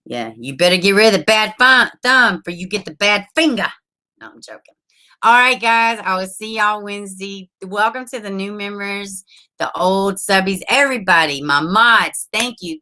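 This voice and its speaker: A woman hosting a casual livestream, chatty and excitable, reading chat and laughing often. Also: fairly low pitch.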